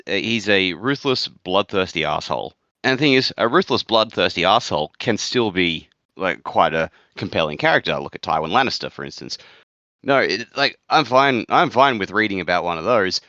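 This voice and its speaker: A man's voice: lowish voice, bright, forceful tone, no room sound, lo-fi sound. A man co-hosting a casual book podcast, talking bluntly, swearing freely and laughing often. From outside the United States. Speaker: podcast co-host. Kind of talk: casual book-club chat.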